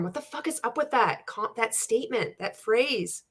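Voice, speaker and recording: A woman's voice: fairly high pitch, animated, normal speed, sharp tone, breathy edge. A woman giving a sarcastic, profane reaction rant as a video commentator, blunt and scornful.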